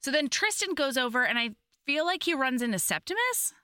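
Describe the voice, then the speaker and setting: A woman's voice: high-pitched, a little fast, no echo, clean studio sound. A young adult woman co-hosting a podcast, recapping a movie in casual chat and acting out scenes. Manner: animated, acts out scenes, laughs often. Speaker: podcast co-host.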